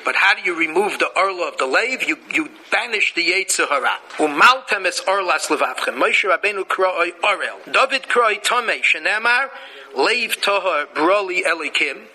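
A man's voice: high voice, animated, normal speed, sharp tone, rough recording. A man giving a Torah lecture, chanting Hebrew verses and telling jokey stories. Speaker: rabbi teaching Torah.

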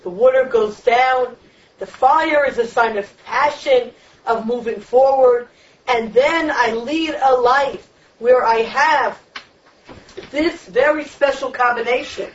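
A woman's voice: on the high side, slow. A woman teaching a Torah lecture on the weekly portion in an emphatic, repetitive preaching cadence. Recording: distant, dull lo-fi room recording.

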